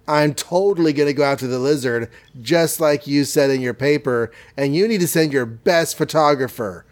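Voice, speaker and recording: A man's voice: fairly high pitch, normal speed, close to an everyday voice. A man voicing an eager young superhero from a cartoon recap.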